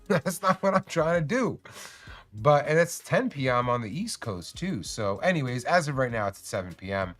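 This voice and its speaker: A man's voice: mid-range voice, sing-song, moderate pace, fairly bright tone, soft background music. Profane, rambling man streaming casually. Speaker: cannabis streamer and host. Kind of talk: casual livestream chat.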